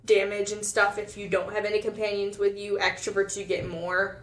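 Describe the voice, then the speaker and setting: A woman's voice: mid-range voice, little pitch movement, brisk, slight background noise. A woman co-hosting a podcast, chatting casually and enthusiastically, rambling with lots of filler words. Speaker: podcast co-host. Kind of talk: casual chat. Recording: echoey room.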